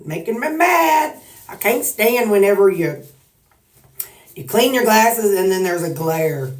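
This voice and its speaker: A woman's voice: medium pitch, darkish tone, roomy sound, distant mic. A woman with a Southern US accent chatting casually to her followers, folksy, joking and rambling as she talks. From Missouri. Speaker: weight-loss vlogger. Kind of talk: casual chat to camera.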